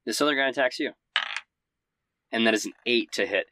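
A man narrating as game master, giving quick, vivid play-by-play of a fight. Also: medium pitch, pushed and bright, no room sound.

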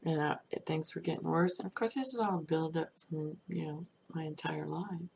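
A middle-aged woman telling a personal story in a rambling way, full of "you know" asides and breathy, half-whispered stretches. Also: sits low, fairly even intonation, normal speed, very noisy. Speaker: storyteller recounting a personal crisis. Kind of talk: personal testimony.

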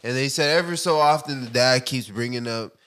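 A man's voice: mid-range voice, a little fast, fairly bright tone. Profane laughing Texan man telling a story. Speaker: barber guest telling a story. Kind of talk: casual podcast chat, storytelling.

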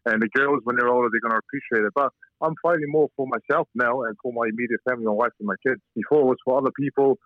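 A man's voice: mid-range voice, rapid-fire, no room sound. A man from New Zealand, a professional boxer, speaking earnestly in a casual phone interview, with frequent restarts. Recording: tinny, dry phone line.

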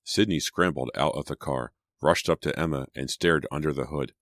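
A man narrating an audiobook in a measured, suspenseful way. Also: extremely low pitch, a bit bright, no echo, studio quality. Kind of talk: scripted narration.

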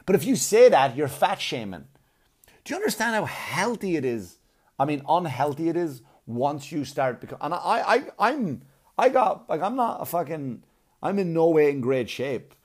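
A man's voice: fairly high pitch, sing-song, normal speed. A man on a blunt, profane comic rant, arguing and mocking as he goes. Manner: blunt, swearing, argumentative, mocking.

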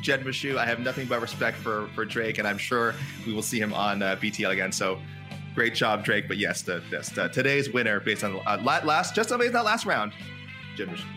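A man's voice: fairly low pitch, fairly quick, music in the background. A man acting as guest judge on a podcast, chatting casually with joking asides and many hesitations. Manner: hesitant, joking, filler-heavy. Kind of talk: casual chat.

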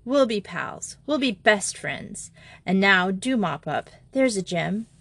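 A woman's voice: medium pitch, lively intonation, slow pace, a bit bright, no room sound, heavily acted. A woman voicing a kindly English schoolgirl who coaxes a crying friend. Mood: coaxing.

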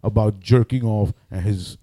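A man, a radio personality and MC, telling loud, animated stories on a podcast and swearing often. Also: fairly low pitch, normal speed. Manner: animated, loud, acts out other people's voices, swears often. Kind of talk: casual storytelling on a podcast.

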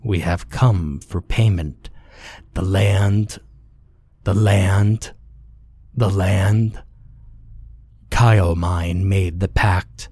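A man voicing an ancient tree-like fae troll who speaks low and unhurried, as if he has all the time in the world. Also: steady tone, mellow, dry recording, exaggerated voice. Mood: amused menace. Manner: slow, low, creaking.

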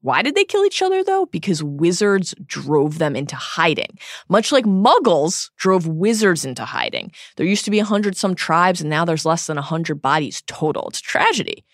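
Woman podcast host retelling chapters, low-ish voice, bouncy swings, dry studio sound. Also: moderate pace, no room sound. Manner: wry, animated retelling with laughs. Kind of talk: casual book-discussion recap.

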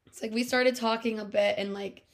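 A woman in her twenties co-hosts a podcast, telling a story in casual chat packed with fillers, especially "like," and she laughs often. Her voice is a little high, with fairly even intonation and a brisk pace.

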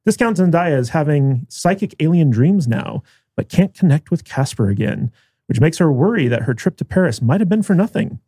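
A man's voice: a little high, expressive, normal speed, dark tone, breathy edge. A man hosting a podcast, reading a sarcastic episode recap in a dry manner. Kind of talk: scripted recap with sarcastic asides.

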